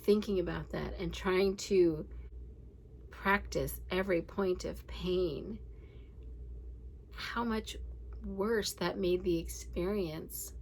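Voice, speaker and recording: A woman's voice: on the low side, takes it slowly, darkish tone, a little hiss or hum, low-quality recording. A candid woman in her forties who hosts a daily reading podcast, talking in a casual, reflective, rambling way with laughs. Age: 40s.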